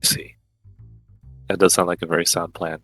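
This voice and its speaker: A very deep-voiced man with a bright, forceful edge, playing a tabletop game. He answers quietly and briefly, recorded dry and close with faint music behind him. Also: little pitch movement, normal speed, no echo, rough recording. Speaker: player.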